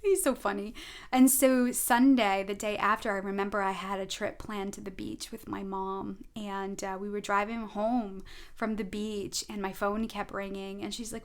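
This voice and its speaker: A middle-aged spiritual advisor gives a tarot reading, speaking earnestly to viewers in a casual, storytelling style with a medium-pitched voice. Her tone is steady and her pace moderate, and she often checks in with "right?".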